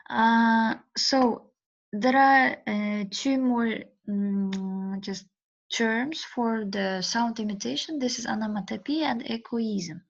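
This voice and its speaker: A woman's voice: a little high, creaky. A woman with an Uzbek accent giving a lecture presentation, hesitant, with many fillers and frequent "yes?" checks for agreement. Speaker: teacher. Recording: dull lo-fi recording.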